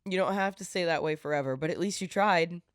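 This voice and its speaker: A woman's voice: on the low side, fast, dry recording, studio quality. A woman hosting her own podcast in a casual, earnest, heartfelt way, getting teary-eyed as she talks. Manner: earnest and heartfelt, with frequent fillers. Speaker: podcast host. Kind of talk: casual solo podcast talk.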